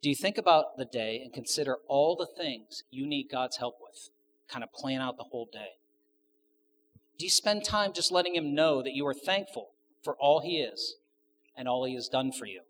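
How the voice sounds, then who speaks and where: Man, pastor, casual sermon, questions to the pews, light jokes, mid-pitched voice, faint background noise. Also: animated, moderate pace. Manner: conversational with joking asides; asks the audience questions.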